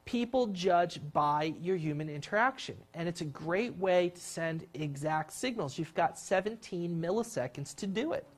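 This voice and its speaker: A workshop leader talking a live group through a guided exercise, acting out scenes with sudden jumps in pitch and often repeating words and restarting. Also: normal speed, hardly any pauses. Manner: animated, acts out scenes with big jumps in pitch.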